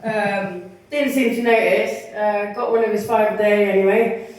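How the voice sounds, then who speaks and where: A woman's voice: medium pitch, fairly even intonation, moderate pace, background noise. A woman doing a bawdy stand-up set at a bar comedy night, laughing at her own jokes and acting out the people in her stories. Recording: echoey bar, mic heard from far.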